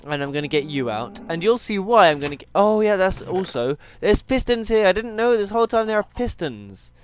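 A man's voice: high-pitched, very animated, a little fast, a little hiss or hum. A tired young man, chatting casually as he plays a game and teases the animals on screen. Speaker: gaming YouTuber. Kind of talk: casual let's-play commentary.

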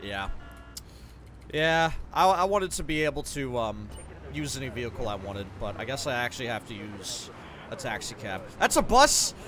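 A man's voice: mid-range voice, moderate pace, fairly bright tone, slight background noise. A man playing through a game and reading a walkthrough guide aloud, breaking off for joking asides. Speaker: gaming video creator. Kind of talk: let's play commentary.

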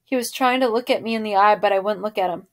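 A woman, a teacher, reading a novel aloud to her class in a steady storytelling voice. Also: mid-range voice, fast.

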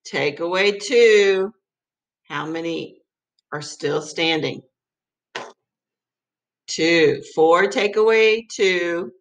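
A woman teacher giving a playful, excitable math lesson for children. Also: on the low side, low-quality recording.

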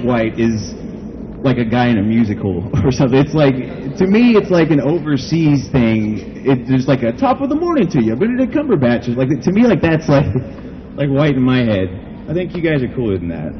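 A man's voice: medium pitch, big pitch swings, moderate pace, highs cut off, background noise. A man from the United States doing a stand-up comedy set at an outdoor backyard show, rambling and self-deprecating, saying "like" a lot.

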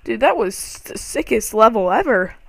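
A young man giving excitable, panicky let's-play commentary over a game, full of startled exclamations. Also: high-pitched, moderate pace, gravelly, no room sound. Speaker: gaming channel host.

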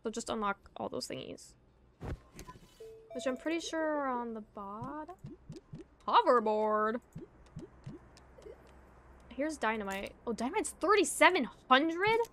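Bubbly high-voiced young woman gaming. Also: measured pace, long pauses, slight background noise. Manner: bubbly, giggly, excitable. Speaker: streamer playing a co-op game. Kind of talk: casual let's play chat.

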